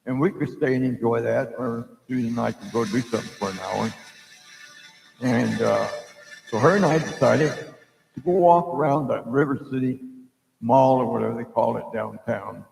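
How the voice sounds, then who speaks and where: Middle-aged male psychic host, rough gravelly voice, meandering spoken story, booming echoey room. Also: normal speed, darkish tone, faint music behind. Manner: meandering, loses his thread, many fillers. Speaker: psychic storyteller hosting a live stream. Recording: echoey room with long reverb.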